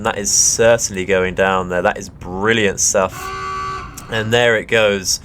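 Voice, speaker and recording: A man's voice: fairly low pitch, level tone, moderate pace, fairly bright tone, slight background noise. A young Englishman hosting a let's play, commenting casually on the game with lots of hesitant fillers. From England. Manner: chatty, hesitant with many fillers, bursts of delighted laughter.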